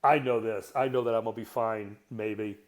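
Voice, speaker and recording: A man's voice: on the low side, fairly even intonation, normal speed. Blunt, profane man in his 60s. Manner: earthy, self-mocking humor. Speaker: strength coach, podcast guest. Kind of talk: candid conversational storytelling.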